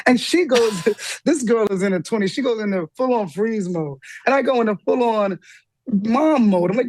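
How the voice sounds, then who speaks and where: A woman guest telling a personal story with lively energy, acting out the voices of the people in it. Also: moderate pace, dry recording. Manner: lively, acts out quoted dialogue with big pitch jumps. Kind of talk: animated storytelling in an interview.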